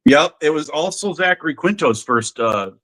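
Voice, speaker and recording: Bright-voiced man in casual podcast chat. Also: on the high side, lively intonation, normal speed, low-quality recording. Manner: chatty, many fillers and restarts. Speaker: podcast co-host.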